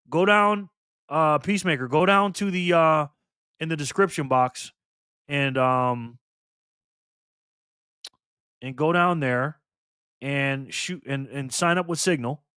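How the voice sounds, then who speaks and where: A man's voice: on the high side, a bit bright, clean tone, dry recording, studio quality. A man in his fifties hosting a live stream, chatting casually with viewers and reading their comments aloud in loose, streetwise talk. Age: 50s.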